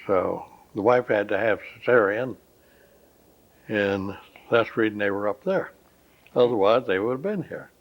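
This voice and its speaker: An older man from Florida, recalling his family history at a slow, rambling pace in an oral history interview. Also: on the low side, expressive. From Florida, USA. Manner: slow, rambling, pauses often with "uh". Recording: dull lo-fi recording.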